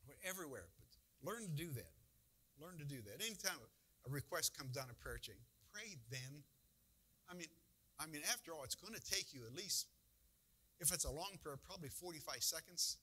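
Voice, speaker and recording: Man, pastor, casual folksy sermon, bright forceful tone, slightly high voice. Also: lively intonation, moderate pace, husky, rough recording. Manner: folksy, conversational preaching with emphatic bursts.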